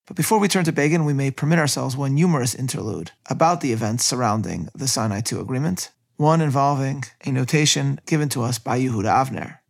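A man giving a history lecture, reading long quotations from books in a measured way. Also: medium pitch, expressive, gravelly, husky. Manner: measured, quotes sources.

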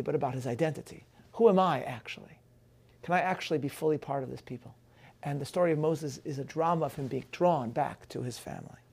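A man giving a measured, scholarly lecture, reading out quotations and dropping in Hebrew phrases. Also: fairly high pitch, gravelly, a little mellow. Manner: measured, scholarly, reads quotes aloud. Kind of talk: lecture on film and scripture.

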